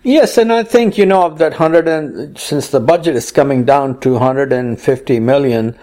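A man's voice: medium pitch, moderate pace, mellow. A man co-hosting a casual chat, reading news items aloud with playful puns and quotes. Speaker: co-host.

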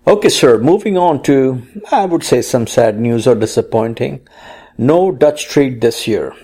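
Man, co-host, mellow voice, casual news chat, playful puns. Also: medium pitch, lively intonation, unhurried, breathy edge. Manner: reads news items and quotes aloud, playful puns.

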